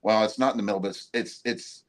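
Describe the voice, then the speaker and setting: A man from Oklahoma, a guest cryptid investigator, telling stories in a relaxed, rambling way. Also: on the low side, quick pace. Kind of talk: casual storytelling.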